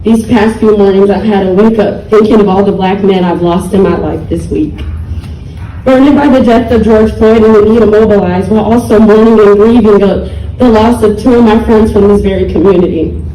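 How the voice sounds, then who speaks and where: A woman's voice: mid-range voice, steady tone, normal speed, mellow, echoey room, recorded from a distance, soft background music, low-quality recording. Young woman giving an emotional, pleading speech. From United States. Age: young adult. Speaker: speaker at a community rally. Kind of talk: public speech.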